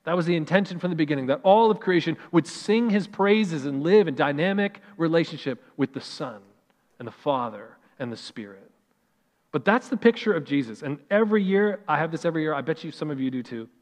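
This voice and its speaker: Animated pastor preaching in a reverberant church. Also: male voice, fairly high pitch. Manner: animated, dramatic slow emphasis on scripture. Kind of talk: sermon. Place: church sanctuary. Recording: long hall reverb.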